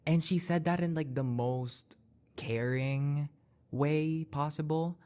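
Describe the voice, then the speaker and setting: A young man hosts a podcast, slowly telling personal stories in a casual way, full of fillers, "like"s and restarts. His voice sits on the high side with fairly even intonation, a clean tone and a slightly mellow quality.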